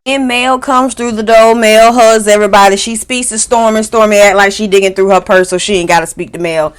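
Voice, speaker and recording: A woman hosting a casual reality TV recap, telling it in a sassy, animated way and acting out what people said. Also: medium pitch. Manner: sassy, animated storytelling, acts out quotes. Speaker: host.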